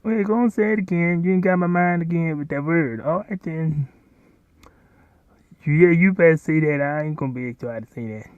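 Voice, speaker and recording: A man's voice: fairly high pitch, brisk, smooth, no room sound. A man hosting, rambling and commenting casually over a video he is playing, often repeating himself. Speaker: host. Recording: dull, lo-fi home recording.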